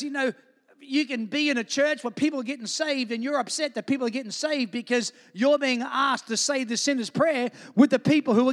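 A man's voice: very high-pitched, fairly bright tone. A man, a pastor, preaching a sermon and calling on the congregation to say amen. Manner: preaching with call-and-response asks for amen. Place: church. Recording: long hall reverb.

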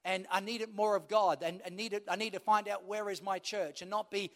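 High-voiced pastor preaching. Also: male voice, steady tone, moderate pace, few pauses. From Australia. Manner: storytelling, humorous, acts out quoted dialogue. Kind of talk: sermon. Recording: long hall reverb.

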